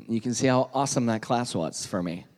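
A man giving an earnest personal testimony, dropping to a hush at the tense moments. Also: medium pitch, normal speed, big-room sound. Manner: earnest storytelling, drops to hushed tones at tense moments. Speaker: speaker telling his testimony.

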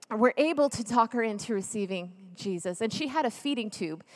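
A woman in her thirties with a fairly high voice shares a heartfelt story of faith with an audience. Her voice carries a long reverb that fills a large hall. At emotional moments she drops nearly to a whisper. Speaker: Catholic speaker. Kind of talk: personal testimony talk.

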